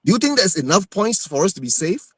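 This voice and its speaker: A man's voice: sits high, big pitch swings, fast, a bit bright, slightly rough, dry recording. A man talking football as a panelist, ending nearly every phrase with a questioning right?.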